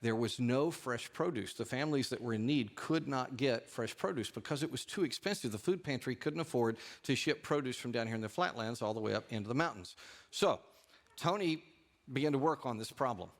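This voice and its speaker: A man preaching a sermon from the pulpit of a church. He talks in an animated way, jumping up in pitch for rhetorical questions and quoted lines. His voice sits at an ordinary middle pitch. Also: a little fast. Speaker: pastor. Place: church sanctuary.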